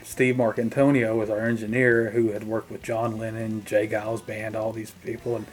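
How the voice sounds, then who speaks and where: Man telling animated band stories. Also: on the low side, normal speed, faint music behind. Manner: animated anecdotes, mimics the people he quotes. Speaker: guest musician, drummer. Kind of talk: casual interview storytelling.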